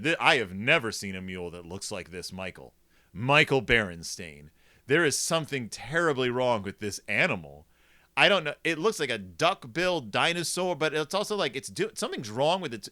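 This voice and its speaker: A man's voice: mid-range voice, big pitch swings, normal speed, pushed and bright. A man hosting a comedic review of a children's book, talking in a snarky, rambling way.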